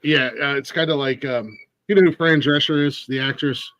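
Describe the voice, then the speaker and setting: A man's voice: mid-range voice, fairly even intonation, normal speed, fairly bright tone, no room sound. A man from Ohio hosting a casual podcast interview, rambling with many restarts and fillers. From Ohio, USA. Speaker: podcast host.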